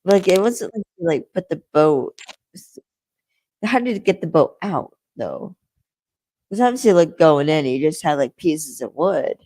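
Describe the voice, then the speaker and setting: A woman's voice: deep voice, very animated, a little slow, dark tone, dry recording, rough recording. A young woman co-hosting a podcast, retelling a TV episode's plot in a rambling, chatty way with frequent fillers. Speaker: podcast co-host. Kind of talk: casual episode recap chat.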